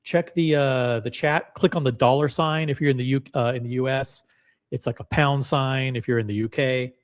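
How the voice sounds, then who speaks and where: A man's voice: mid-range voice, fairly even intonation, normal speed. A man hosting a live stream, reading a forum post aloud and commenting on it bluntly, with profanity and repeated words. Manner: blunt and profane, repeats himself, talks straight to chat.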